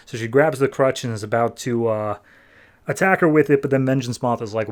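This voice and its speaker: A young man co-hosting a comic book podcast, retelling the story in a relaxed, chatty way. His voice sits in an ordinary middle pitch. He keeps dropping into brief quoted lines from the characters as he summarizes. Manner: summarizes plots with quick acted-out quotes of characters. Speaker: podcast co-host. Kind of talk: casual comic book recap.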